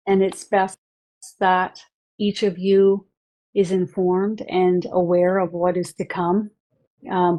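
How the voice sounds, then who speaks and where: A woman hosting a livestream about channeled spiritual messages, earnest and halting, with many fillers. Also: on the low side, dark tone, low-quality recording.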